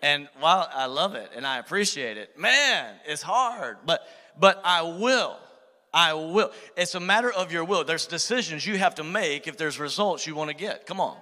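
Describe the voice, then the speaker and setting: A man's voice: on the high side, expressive, moderate pace, few pauses, bright, forceful tone, in a large hall. A man pastor preaching a sermon, calling out to the congregation for responses. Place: church sanctuary.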